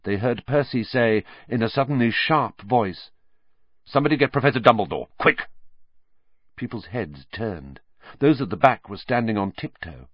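Male storybook narrator with a lively voice. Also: fairly low pitch, moderate pace, no echo. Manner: expressive, lively reading. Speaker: audiobook narrator. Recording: dull lo-fi audiobook recording.

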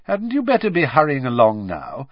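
Brief: sneering drawling schoolboy wizard, read by a man, unhurried contempt, audiobook. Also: medium pitch, huge pitch swings, dry recording, dull audio, pitched above the performer's own voice.

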